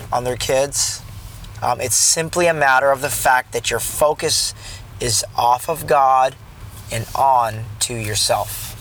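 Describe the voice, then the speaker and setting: A man in his thirties speaks from the driver's seat, his mid-pitched voice carrying a rough, creaky edge. He rambles earnestly about being a dad, stumbling over restarts and slipping into a preachy tone. A faint car hum sits underneath. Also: a bit bright. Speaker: father sharing a parenting reflection. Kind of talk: casual vlog monologue turning preachy.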